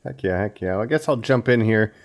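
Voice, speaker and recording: A man's voice: fairly low pitch, animated, fast talker. A man co-hosting a podcast, teasing his friends playfully and chatting casually. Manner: playful, laughing banter. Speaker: podcast co-host. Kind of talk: casual chat.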